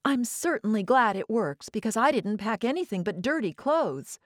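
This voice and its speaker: A woman voicing a bossy, eager young girl who knows best, in a high, piping child voice. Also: sing-song, normal speed, dry recording, clean studio sound. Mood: offhand. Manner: pushy, eager and matter-of-fact. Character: young girl, bossy know-it-all daughter.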